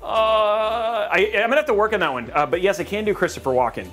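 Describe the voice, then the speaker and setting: A man's voice: sits high, fairly quick, fairly bright tone, faint music behind. A man from California hosting a PC-building livestream, rambling and joking as he reads out chat. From California, USA.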